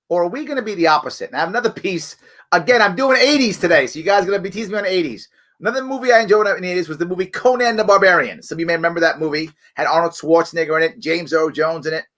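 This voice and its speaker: Middle-aged guy hosting a live stream, bright high voice, chatty and emphatic. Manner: conversational, emphatic, frequent "right?". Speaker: show host. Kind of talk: live online commentary.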